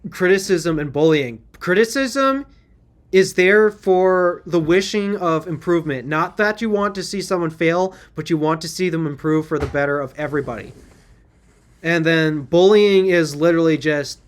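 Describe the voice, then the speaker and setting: A man co-hosting a podcast in casual chat, telling stories earnestly and rambling with restarts. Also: fairly high pitch. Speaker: podcast co-host.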